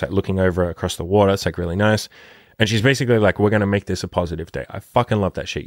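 A man's voice: sits low, dry recording, studio quality. A man who works as a dating coach, talking casually and emphatically on his podcast with a lot of swearing. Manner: profane, emphatic, rapid-fire.

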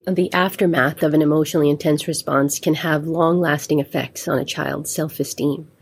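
A woman interviewer reading her questions in measured, formal phrasing. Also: low voice, fairly even intonation, creaky, slightly rough.

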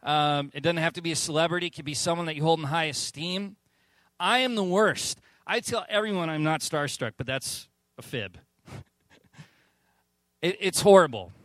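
Animated, high-voiced pastor preaching. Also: male voice, moderate pace, no room sound. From Southern California. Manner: animated storytelling, acts out quotes. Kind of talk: sermon.

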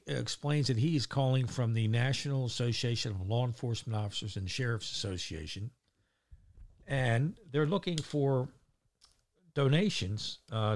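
A middle-aged man talking in a loose, chatty monologue about his day. He rambles, restarts his sentences and swears now and then in a relaxed way. His voice sits at an ordinary pitch for a man. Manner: rambling, chatty, swears casually, lots of fillers. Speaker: vlogger. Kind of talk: casual storytelling monologue.

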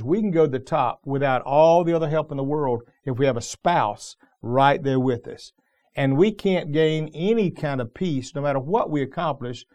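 A man's voice: medium pitch, a little mellow. A middle-aged man preaching a sermon as pastor, telling the story in a loose, conversational way with frequent restarts.

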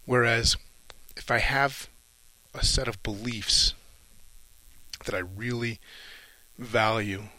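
A middle-aged man, a retired Navy officer, talking through a reflective solo monologue in short, halting, thoughtful phrases. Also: mid-range voice, steady tone, bright, forceful tone, poor audio.

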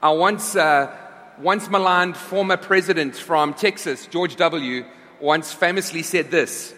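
A pastor preaches to his congregation during a church service in a conversational style, frequently restarting and repeating phrases. His voice is fairly high and fairly bright, and he takes his time, while the large hall adds a long reverb.

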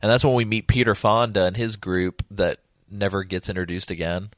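A man co-hosting a casual podcast, recapping a film in an animated way, swearing freely and acting out quotes. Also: lowish voice, a little fast, no room sound. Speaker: podcast co-host. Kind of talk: casual movie recap chat.

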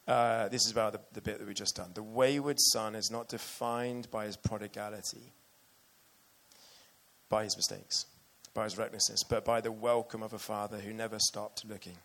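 A man's voice: lowish voice, a bit bright. A man preaching a sermon earnestly and with emotion, reading passages aloud to his church.

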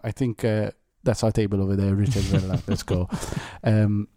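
A man's voice: lowish voice, flat delivery, a little fast, dark tone. A man from Malta co-hosting a podcast, telling a funny story in casual chat and often repeating words as he thinks. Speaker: podcast co-host.

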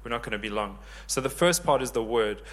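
A man in his thirties preaching a sermon, lively and joking with the congregation. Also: mid-range voice, fast. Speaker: pastor.

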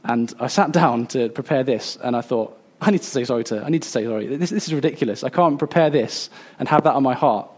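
A man in his thirties preaching a sermon, earnest and a little halting, with fillers and restarts. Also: mid-range voice, slightly rough. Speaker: pastor.

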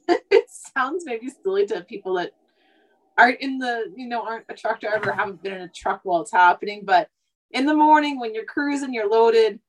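A woman's voice: medium pitch, low-quality recording. Chatty woman in her thirties. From Canada. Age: 30s. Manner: talkative, rambling, many "like" and "you know" asides. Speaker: truck driver guest. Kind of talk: casual podcast conversation.

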